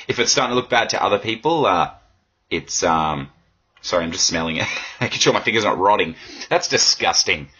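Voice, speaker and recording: A man hosting a casual solo podcast. His voice is hoarse from yelling, and he rambles in a crude, self-mocking way. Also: deep voice, lo-fi sound. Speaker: podcast host.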